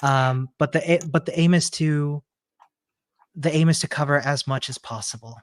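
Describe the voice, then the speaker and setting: Supportive co-host, mid pitch, dry close sound, halting casual delivery. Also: no room sound. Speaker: bootcamp co-host. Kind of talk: casual livestream chat.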